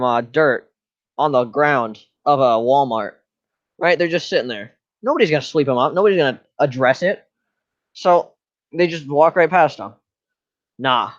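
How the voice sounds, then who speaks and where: A man's voice: on the high side, dry recording, muffled recording. A man giving a joking class presentation in a slangy, rambling, mock-serious way. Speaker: student presenter.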